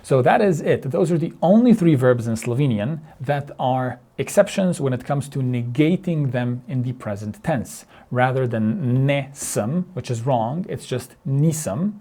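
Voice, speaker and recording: Mellow-voiced man teaching grammar. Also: mid-range voice, lively intonation. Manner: patient, repeats words and restarts phrases; drills word pairs slowly. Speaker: language teacher. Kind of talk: explaining grammar over slides.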